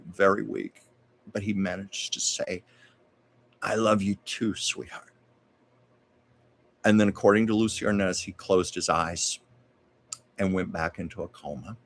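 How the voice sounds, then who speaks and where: A man with a very deep voice hosts a live-streamed chat. He recounts anecdotes conversationally, adding asides and corrections as he goes. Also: a bit bright. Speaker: host. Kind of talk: storytelling livestream chat.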